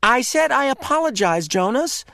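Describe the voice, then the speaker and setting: A man voicing a bossy, excitable boy shouting during a pretend war game in a storybook reading. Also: very high voice, normal speed, gravelly, no echo, clean studio sound, pitched above the performer's own voice, full character voice. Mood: irritated. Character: boastful excitable boy playing war games.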